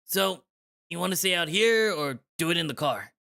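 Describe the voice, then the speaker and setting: A nervous, eager young man from a visual novel, voiced by a man reading it aloud. He talks in a lifted, louder voice that trips over itself when he gets flustered. He sounds like a hero trying hard to seem casual. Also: on the high side, expressive, moderate pace, gravelly, pitched above the performer's own voice, heavily acted. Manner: eager, slightly flustered delivery.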